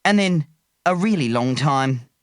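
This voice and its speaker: A woman reading a children's book aloud in a slow, expressive way. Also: low-pitched, no room sound, clean studio sound. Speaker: audiobook reader.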